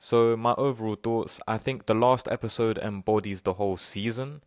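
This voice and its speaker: A man's voice: fairly low pitch, steady tone, moderate pace, dry recording, clean studio sound. A man recapping a TV episode in a sarcastic, mocking, profane way, stretching repeated words for ironic stress. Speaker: TV show reviewer.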